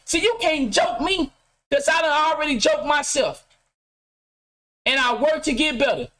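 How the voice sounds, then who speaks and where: Middle-aged man, high voice, blunt preachy vlog rant from his home game room, swears a lot. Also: bright, forceful tone. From Mississippi. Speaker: vlogger. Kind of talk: casual profane rant to camera.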